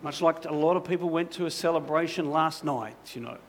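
Man, pastor, sermon, conversational storyteller, frequent asides, slightly high voice, gravelly. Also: brisk. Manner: conversational, many "you know" asides.

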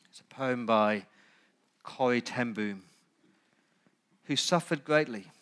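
A man who is a pastor preaching a sermon, building through loud repeated lists and pleading directly with his listeners. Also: mid-range voice, slow, smooth.

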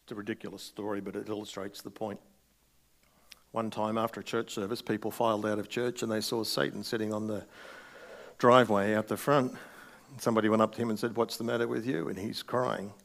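A man's voice: on the low side, flat delivery, brisk, vocal fry. A middle-aged male pastor preaching a sermon in a conversational way, with wry asides.

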